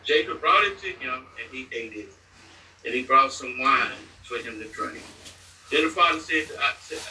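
Man, somewhat high, very bright tone, reading scripture with a few restarts; distant mic, echoey room. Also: slight background noise. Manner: plain reading with restarts and slips. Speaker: scripture reader.

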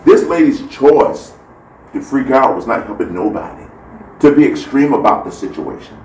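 In a mid-range voice at normal speed, a man shares a story during a casual faith talk, playing out the people in it with animated delivery. The audio has a roomy, far-off quality and faint noise in the background.

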